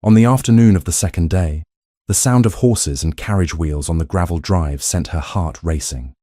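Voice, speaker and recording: A man narrates a period romance in a deep, dark voice. His delivery is steady and measured, like a prepared audiobook reading. The recording is dry, with no room sound. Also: no echo. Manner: even, measured storytelling.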